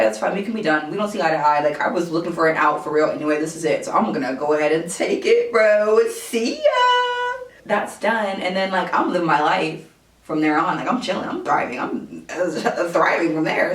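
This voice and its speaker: A young woman vlogger telling a storytime in a casual, slangy, animated way, jumping high when she quotes herself. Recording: echoey room, distant mic, faint hiss.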